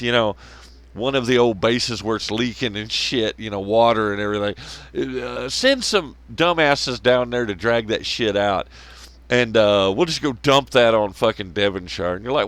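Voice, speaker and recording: A man's voice: medium pitch, fairly bright tone, dry recording. A man hosting a solo commentary show, rambling, swearing a lot and laughing at his own jokes. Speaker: podcast host.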